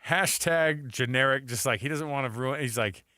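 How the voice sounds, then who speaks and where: A man's voice: mid-range voice, moderate pace, sharp tone, no echo, clean studio sound. A man hosting a sports radio show, joking and wry in casual banter with his co-host. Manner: joking, wry, reads quotes aloud in mock voices. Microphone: studio microphone, dry.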